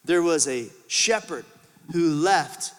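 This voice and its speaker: A middle-aged man, a pastor, preaching a sermon in a church auditorium, acting out voices and swinging between shouts and hushed asides. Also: on the high side, slow, clean tone. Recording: large hall with long reverb.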